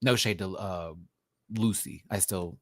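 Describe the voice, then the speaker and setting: A man's voice: sits low, unhurried, a bit bright, no room sound, studio quality. A man reviewing a drag competition show in a livestream, sassy and campy, full of slang and frequent laughter, talking straight to viewers. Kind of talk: casual livestream commentary.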